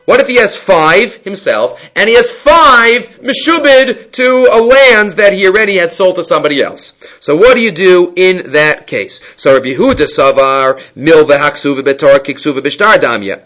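A man's voice: high voice, expressive, normal speed, few pauses, a bit bright. A man teaching a Talmud class, explaining the text step by step, asking rhetorical questions and often restarting phrases. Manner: explains text step by step, mixing Hebrew-Aramaic terms into English.

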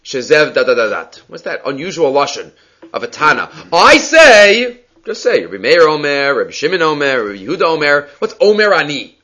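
A man's voice: fairly high pitch, sing-song, brisk, a bit bright. A man teaching a Talmud lecture, explaining step by step and mixing Hebrew and Aramaic terms into English. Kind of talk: daf yomi Talmud lecture. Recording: dull lo-fi audio.

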